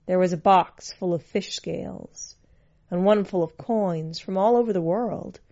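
A woman reading a story aloud, narrating in an expressive, dynamic way. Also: fairly low pitch, a little slow. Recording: muffled lo-fi recording.

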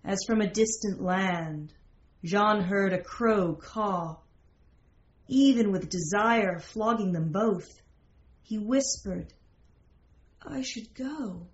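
A woman reading a fantasy romance aloud as a narrator, in a slow, measured way. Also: mid-range voice. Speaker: story narrator. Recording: roomy, slightly dull recording.

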